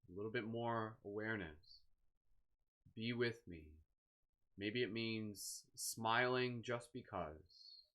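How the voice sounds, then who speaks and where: A man guides a live meditation in a slow, soothing way, gently encouraging his listeners. His voice sits at an everyday middle pitch. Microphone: live stream microphone.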